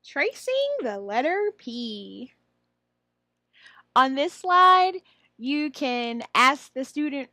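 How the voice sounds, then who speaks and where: High-voiced woman coaching teachers. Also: expressive, pushed and bright, no echo, clean studio sound. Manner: shifts into high, drawn-out teacher voice for modeled phrases. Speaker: online English teacher trainer. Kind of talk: instructional walkthrough.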